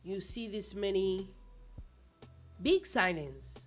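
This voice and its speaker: A woman's voice: medium pitch, animated, takes it slowly, faint music behind. A woman co-hosting a casual radio show, bantering playfully and teasing her partner. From Nigeria. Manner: playful, teasing, talks over her co-host.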